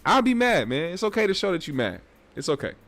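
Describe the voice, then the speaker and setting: A man's voice: high-pitched, big pitch swings, fast talker, fairly bright tone. A man hosting a casual commentary show, talking in a loose, rambling and profane way. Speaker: host.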